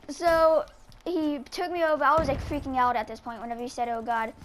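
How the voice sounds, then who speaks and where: A woman's voice: high voice, steady tone, normal speed, slight background noise. A woman telling a casual story while she plays a game, rambling and full of filler words. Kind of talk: casual storytelling over gameplay.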